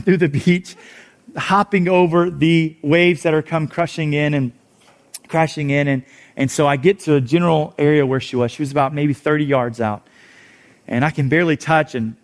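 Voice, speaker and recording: A man preaching to his congregation, telling a long story with animated energy. His voice sits a bit high for a man, and he drops low and quiet when the story turns tense. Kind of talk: storytelling sermon.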